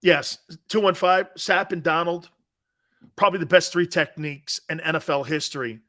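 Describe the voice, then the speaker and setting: Sports-talk host: middle-aged American man, bright forceful delivery, pitched a bit high, rowdy and animated. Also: normal speed. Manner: animated, loud bursts, laughs a lot. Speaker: sports talk show host reading live chat. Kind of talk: casual live sports talk.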